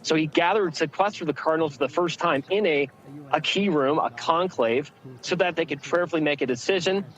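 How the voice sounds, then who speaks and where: A male field correspondent giving a halting live report from outdoors among a packed crowd. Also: fairly high pitch, fairly bright tone, rough recording. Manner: halting, many fillers.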